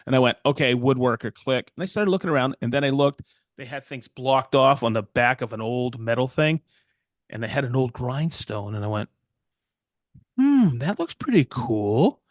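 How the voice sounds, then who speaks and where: A man's voice: medium pitch, brisk, dry recording, studio quality. Rambling man telling shop stories. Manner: rambling, animated, quotes people in voices. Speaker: podcast co-host and woodworker. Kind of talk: casual storytelling chat.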